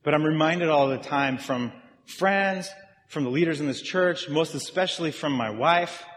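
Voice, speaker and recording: In a big church hall with long reverb, a male pastor preaches in a chatty way that draws his congregation in. He speaks at a normal pace in a slightly high, fairly bright voice, with a little background noise present.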